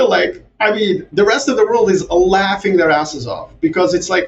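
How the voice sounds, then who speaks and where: A man who grew up in Europe and the Middle East, talking as a podcast guest in a sarcastic, animated way with mocking asides. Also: sits high, moderate pace, few pauses. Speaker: guest strategist. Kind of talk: casual podcast conversation. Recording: distant, dull, slightly noisy remote audio.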